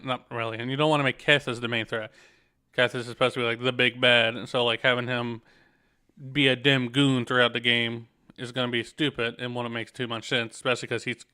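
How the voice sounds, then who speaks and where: A man ranting casually about a game's writing on stream, tripping over his words and restarting his sentences. His voice is bright and clear, at a middle pitch. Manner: rambling, trips over words and restarts, swears; talks while eating. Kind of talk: casual gameplay rant.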